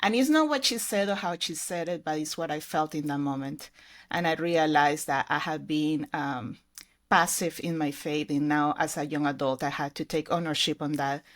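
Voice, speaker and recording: A woman's voice: sits low, moderate pace. A middle-aged woman from Colombia, speaking with a Colombian accent as a podcast guest, telling her story in an earnest, reflective way. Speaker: ministry program director, podcast guest. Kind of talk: casual interview.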